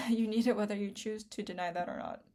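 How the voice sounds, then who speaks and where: A young woman vlogger rambles to camera in an unedited video, tearful after crying, full of fillers, restarts and self-interruptions. Her medium-pitched voice is mellow and a little fast, and the audio carries slight hiss or hum.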